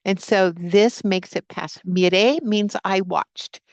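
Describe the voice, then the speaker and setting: Gravelly-voiced woman teaching Spanish online. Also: mid-range voice, slow, no room sound, muffled recording. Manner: prays aloud, then drills vocabulary with repetition. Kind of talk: live online class teaching. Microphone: computer mic on a video call.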